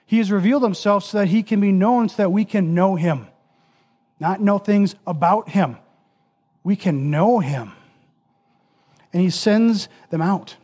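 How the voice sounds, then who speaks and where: An impassioned sermon comes from a male preacher with a high-pitched voice. Piling repeated phrases into mounting lists, he then falls dramatically to a hushed, almost whispered tone to drive each point home.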